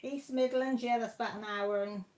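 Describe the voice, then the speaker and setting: A woman's voice: on the high side, steady tone, moderate pace, darkish tone. A Welsh woman hosting a live stream from home, chatting casually and reading out viewers' comments in a homely, slangy way with the odd mild swear. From Wales.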